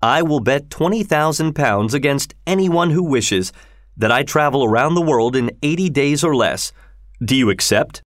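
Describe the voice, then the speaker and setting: A man voicing a composed, precise Victorian English gentleman who speaks low and measured. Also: expressive, no echo, clean studio sound, lightly acted. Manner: low-voiced, measured, unflappable.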